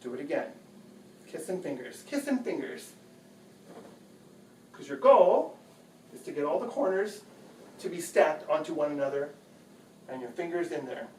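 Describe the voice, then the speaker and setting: Man, slightly high voice, chatty how-to host, echoey bedroom, mic set back. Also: expressive, normal speed, pauses often, darkish tone, slight background noise. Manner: chatty, patient, repeats phrases. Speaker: home video host. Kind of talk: casual how-to demonstration. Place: bedroom at home. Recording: echoey room, distant mic.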